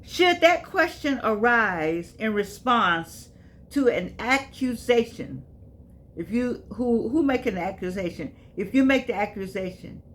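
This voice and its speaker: A woman's voice: medium pitch, slight background noise. Chatty woman in her eighties. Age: 80s. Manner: folksy, repeats herself, emphatic. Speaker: vlogger. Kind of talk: casual spoken reflection.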